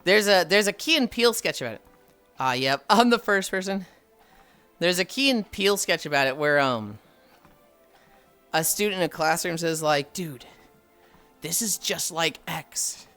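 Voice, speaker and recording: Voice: mid-range voice, expressive, normal speed, pauses often, sharp tone, clean tone, faint music behind. A livestreamer chatting casually with viewers, telling stories with frequent sighs and laughs. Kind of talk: casual live-stream chat.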